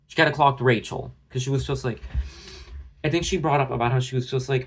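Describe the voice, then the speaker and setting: Fairly even in intonation and a little fast, a man's mid-range voice carries a rambling rant about an online creator. The drama commentary vlogger, recording on his phone, is blunt and profane throughout.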